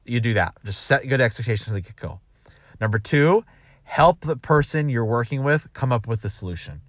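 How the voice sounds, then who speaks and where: A man's voice: mid-range voice, animated, fairly quick, dry recording, clean studio sound. A man giving casual advice as a sales manager, rambling with restarts and acting out quoted dialogue.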